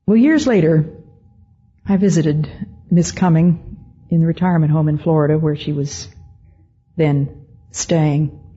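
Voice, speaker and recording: Low, husky older woman telling a story. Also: dark tone. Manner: measured, deliberate, with frequent pauses. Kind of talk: storytelling talk to an audience. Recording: dull lo-fi recording.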